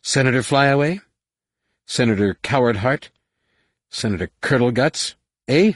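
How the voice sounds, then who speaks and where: A man voicing a bitter, drunk, booming alien woman captain who taunts in a slurred, loud way. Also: moderate pace, dry recording, studio quality, natural voice. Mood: bitter, taunting.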